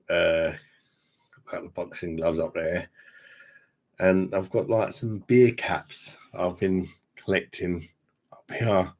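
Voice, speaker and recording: A tipsy man, chatting casually and rambling through a beer live stream at home, matey and swearing freely. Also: deep voice. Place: home room with sound panels.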